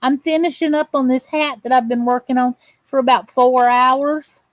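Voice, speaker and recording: A woman's voice: high voice, fairly even intonation, moderate pace, no echo, low-quality recording. A woman hosting a crafting channel, chatting to viewers as she crochets and greeting them by name. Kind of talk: live crochet chat with viewers.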